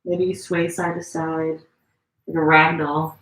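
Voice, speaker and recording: A woman teaches a gentle yoga class over a live stream from an echoey home room, speaking low and unhurried. Her chatty, relaxed instructions are sprinkled with fillers, and while demonstrating and holding each pose she sounds a little strained.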